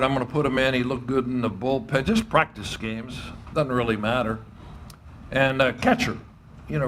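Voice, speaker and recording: An older man, a former baseball coach telling animated stories and often laughing as he acts out quoted voices. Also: mid-range voice, slight background noise. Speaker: retired baseball coach and athletic director. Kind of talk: storytelling interview.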